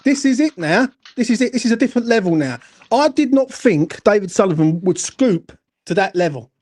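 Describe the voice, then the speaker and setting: A high-voiced man delivers a heated, expletive-filled football fan rant. He hammers his points again and again and keeps demanding agreement from his co-host. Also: lively intonation, a little fast, darkish tone. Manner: angry, sweary, repeats "do you know what I'm saying".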